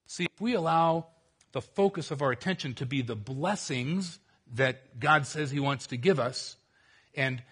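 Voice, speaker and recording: A man preaching a sermon, earnest and emphatic, swinging between loud outbursts and quiet, low stretches. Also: measured pace, breathy edge. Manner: earnest, emphatic, rising to exclamations and dropping to quiet.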